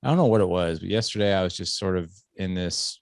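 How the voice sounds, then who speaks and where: A man's voice: deep voice, quick pace, creaky, dry recording, clean studio sound. A middle-aged man hosting a podcast, telling a long story in a rambling, self-deprecating way. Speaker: podcast host. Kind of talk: casual podcast conversation.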